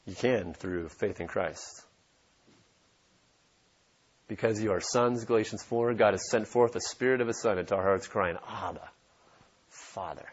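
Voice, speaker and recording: Male pastor, low husky voice, emphatic sermon delivery, dull lo-fi recording. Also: moderate pace, pauses often. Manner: emphatic, repeats key points for stress.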